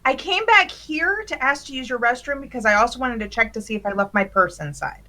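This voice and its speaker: A woman's voice: a little high, lively intonation, a little fast, sharp tone. A woman voicing a prim woman who pleads to be let inside, in a tabletop game. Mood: pleading.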